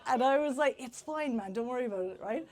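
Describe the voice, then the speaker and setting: A woman's voice: high voice, animated, fast, background noise. A young Irish woman with an Irish accent, telling a comic dating story live on stage in a chatty, self-deprecating way. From Ireland.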